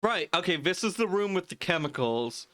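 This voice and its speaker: A man's voice: sits high, very animated, normal speed, fairly bright tone. A man giving rambling, self-amused commentary as he streams a video game, often laughing at himself. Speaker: gaming streamer. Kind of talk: casual gameplay commentary.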